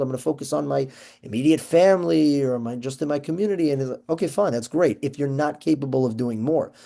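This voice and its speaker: A man leads an informal lesson on a Jewish ethics text. His voice is dark and mellow, and his pitch sits in an ordinary middle range. He talks loosely, stumbling and restarting, with Hebrew words sprinkled in. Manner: conversational, many restarts and fillers, Yeshivish Hebrew terms. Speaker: Torah class teacher.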